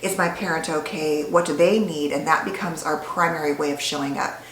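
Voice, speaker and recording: A woman's voice: low voice, a bit bright, a little hiss or hum. A woman psychologist giving an educational talk straight to the viewer, conversational and explanatory. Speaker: licensed psychologist. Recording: echoey room with faint ambience.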